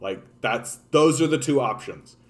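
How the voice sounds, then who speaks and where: A man's voice: medium pitch, animated, unhurried. A Canadian man rants about politics with blunt passion. He stumbles into repeated words and leans on "like" again and again, restarting as his thoughts race ahead. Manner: stammering repeats and constant "like" fillers; blunt and impassioned. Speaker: political commentator. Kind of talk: ranting political commentary.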